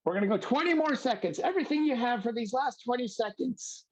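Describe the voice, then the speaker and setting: A man's voice: expressive, fairly quick. A man voicing an upbeat male yoga teacher who pushes the class to work harder, in a cheering voice. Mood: pumped, urging. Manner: high, pushy, cheering.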